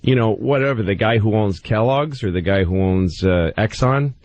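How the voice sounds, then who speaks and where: A man's voice: on the low side, moderate pace, a little mellow, dull audio. A man, a comedian guest on a radio show, telling a rambling story in casual chat and slipping into mocking voices.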